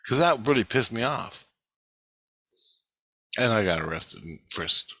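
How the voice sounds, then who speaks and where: A man's voice: mid-range voice, animated, unhurried, bright, forceful tone, dry recording. Agitated profane man ranting. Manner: profane, agitated, repeats himself. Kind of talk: angry rambling monologue.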